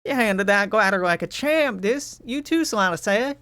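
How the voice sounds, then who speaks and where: A man's voice: high-pitched, expressive, moderate pace, sharp tone, dry recording, pitched above the performer's own voice. Man doing a brash teasing woman surveyor. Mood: bossy. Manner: drawling, with a put-on accent.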